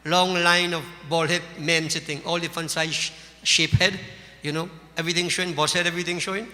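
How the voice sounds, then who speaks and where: Caribbean English male preacher, high voice, long reverb in a hall. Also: flat delivery, fairly quick, sharp tone. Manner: folksy, emphatic, addresses listeners as devotees. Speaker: Hindu religious teacher. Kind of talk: sermon with storytelling.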